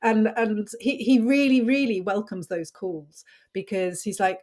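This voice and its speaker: A woman's voice: mid-range voice, fairly even intonation, unhurried, few pauses, a little mellow. A woman hosting an interview podcast, affirming her guest and recounting a conversation. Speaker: podcast host. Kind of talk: interview chat.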